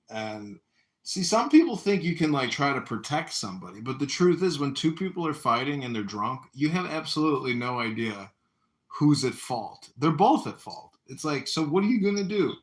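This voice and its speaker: A man hosting a casual livestream chat, telling rambling stories and loudly acting out what people said. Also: fairly high pitch. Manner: rambling storyteller, acts out quotes loudly. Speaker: livestream host. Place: apartment. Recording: echoey room.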